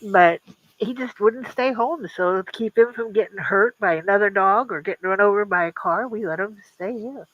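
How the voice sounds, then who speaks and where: Older woman, halting and grieving. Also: mid-range voice, lo-fi sound. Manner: halting, grieving, many restarts. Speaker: guest. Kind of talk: casual chat.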